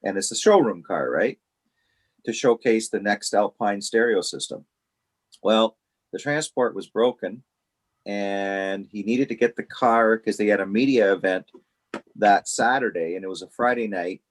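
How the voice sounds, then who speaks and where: Animated man telling stories. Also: fairly low pitch, measured pace. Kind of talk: casual storytelling.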